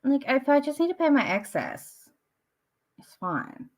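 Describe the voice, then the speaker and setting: A woman's voice: sits high, sing-song, unhurried. A woman, chatting casually and rambling on a live stream, full of "like" and "um". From Australia. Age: late 20s. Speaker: book streamer.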